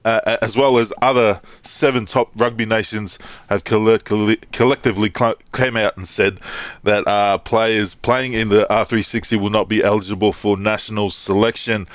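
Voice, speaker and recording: A man's voice: fairly low pitch, steady tone, moderate pace, dry recording. A man hosting a casual rugby podcast, reading out facts with fillers and restarts. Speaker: podcast host. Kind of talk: casual sports chat.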